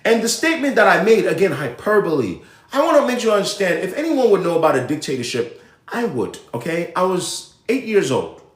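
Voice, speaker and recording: A young adult man from Nigeria hosting a live show in casual commentary, animated and rambling, often cutting himself off. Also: sits high, a little fast. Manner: animated, rambling, self-interrupting. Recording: echoey room.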